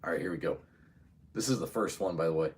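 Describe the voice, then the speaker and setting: A man's voice: deep voice, fast, husky. A man talking casually in a solo vlog, rambling and hesitant as he thinks aloud. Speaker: video creator.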